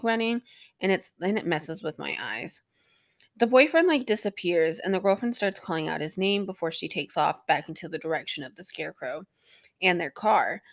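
A woman's voice: mid-range voice, no echo. A young woman hosting a podcast, recapping an episode in a rambling, sarcastic way with plenty of swearing and filler words. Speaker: podcast host.

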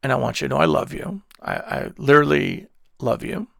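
A man's voice: mid-range voice, expressive, a little fast, creaky, a bit bright, no room sound, clean studio sound. A man preaching an earnest devotional message to online listeners, then leading them in prayer. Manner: earnest, repetitive, affectionate, drops to near-whisper at times. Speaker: pastor.

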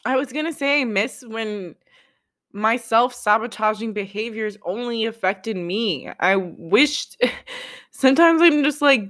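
A woman's voice: medium pitch, a little slow, a bit bright. A young woman talking to camera in a confessional vlog, raw and self-critical, swearing often and restarting her sentences. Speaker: vlogger.

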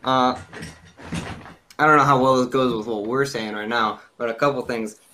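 A young man in a casual podcast chat, speaking quietly and tentatively. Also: mid-range voice, fairly even intonation, normal speed, slight background noise.

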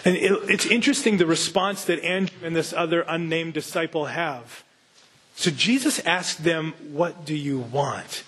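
Man, pastor, husky voice, slightly high, earnest, conversational sermon. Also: normal speed, a bit bright. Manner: earnest, conversational, asks listeners direct questions. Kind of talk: Bible reading and sermon teaching.

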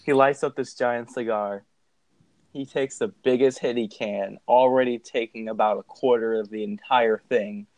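A young man telling a story in a casual, animated way, swearing and laughing as he goes. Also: mid-range voice, normal speed, dry recording.

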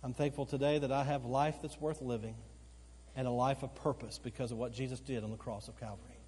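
A male pastor preaching a sermon, swinging between loud emphatic outbursts and slow, quiet, earnest stretches, repeating phrases for emphasis. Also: mid-range voice, fairly even intonation, husky. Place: church sanctuary. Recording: long church hall reverb. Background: occasional congregation responses.

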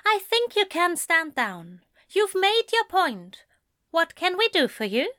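A woman voicing a fussy, effusive male author who speaks in bright, gushing tones. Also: high-pitched, big pitch swings, slow pace, no room sound, studio quality, pitched above the performer's own voice, full character voice. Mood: placating.

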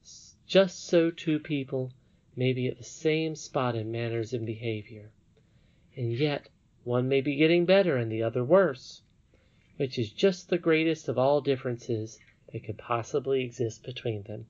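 A man reading an audiobook, voicing a wise, gentle old princess in a solemn, measured way. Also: medium pitch, lo-fi sound, natural voice.

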